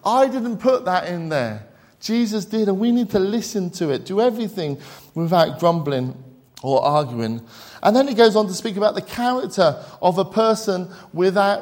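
A man, a pastor preaching a sermon and putting rhetorical questions to his congregation. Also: high-pitched.

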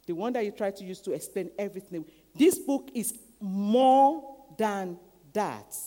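Woman preaching, voice jumps all over, mellow tone, big echoey hall. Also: mid-range voice. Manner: animated, repeats words, acts out quotes, drops to whispers. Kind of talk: sermon. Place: church hall. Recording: long hall reverb.

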